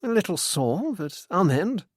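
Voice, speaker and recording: A man's voice: sits high, sing-song, a little slow, slightly rough, dry recording, clean studio sound, voice pushed up, heavily acted. A man voicing a middle-aged widowed society lady who speaks hesitantly and mournfully, in a storybook reading. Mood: anxious, sorrowful.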